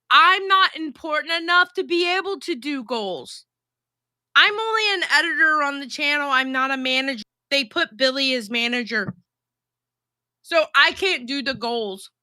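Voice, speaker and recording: Bright-voiced, profane woman streamer. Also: high-pitched, expressive, moderate pace, no echo, clean studio sound. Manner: profane, blunt and gossipy. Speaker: livestream host reading chat. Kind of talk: casual livestream chat.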